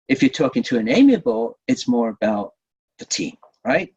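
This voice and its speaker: A man running a communication-skills webinar, talking in a lively way, repeating himself and checking in with "right?". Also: medium pitch, normal speed, slightly rough. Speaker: workshop trainer. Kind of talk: webinar teaching. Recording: dull lo-fi webinar audio.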